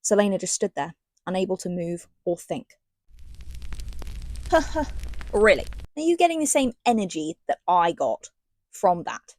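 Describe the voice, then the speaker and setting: A woman's voice: lowish voice, lively intonation, moderate pace, a little mellow. A woman giving a sarcastic, slangy casual book review, reading passages aloud between rants. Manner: sarcastic, ranting, slangy asides.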